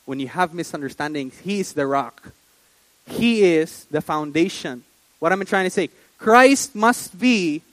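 A man preaching a sermon, animated, checking in with "right?" and slowing down hard for emphasis. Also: a little high, no room sound, poor audio. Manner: animated, asks "right?" often, dramatic slow emphasis. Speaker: pastor.

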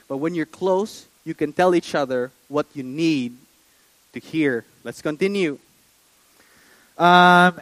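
A man preaching a sermon, animated, checking in with "right?" and slowing down hard for emphasis. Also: sits high, no echo, poor audio. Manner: animated, asks "right?" often, dramatic slow emphasis. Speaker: pastor.

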